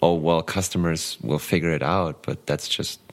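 A man's voice: rumbling low, steady tone, normal speed, gravelly. A man speaking as a guest on a tech podcast, hesitant with lots of restarts and a wry humor. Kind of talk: casual tech podcast chat.

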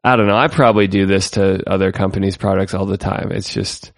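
A man's voice: deep voice, fairly even intonation, fairly quick, no room sound, clean studio sound. A man co-hosting a casual tech podcast, chatty and sarcastic, laughing often. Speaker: podcast co-host.

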